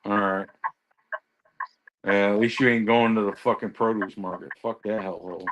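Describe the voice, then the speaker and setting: A man's voice: lowish voice, steady tone, normal speed, muffled recording, background noise. A man who drives trucks, chatting casually and telling stories while swearing heavily. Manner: heavy swearing, ranting storyteller. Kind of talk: casual chat.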